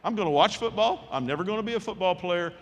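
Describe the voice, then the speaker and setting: A man in his sixties speaks from a ceremony stage, telling stories in a folksy, animated way and voicing the people he quotes. His voice sits a little high for a man. A long reverb trails his words through the large hall. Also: fast talker, dull audio. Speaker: commencement speaker. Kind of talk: storytelling speech.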